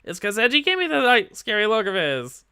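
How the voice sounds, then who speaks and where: A man's voice: high-pitched, wildly swooping pitch, brisk, sharp tone, clear, resonant tone, full character voice. A man voicing a goofy, lovesick young man who talks in a whiny, flustered way. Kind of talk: game dialogue read-along.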